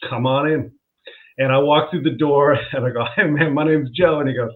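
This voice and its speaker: A man's voice: fairly high pitch, fairly even intonation, a little fast. A man, a comedian guest, telling a story in casual chat, laughing as he goes and acting out what people said. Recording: tinny phone-like line.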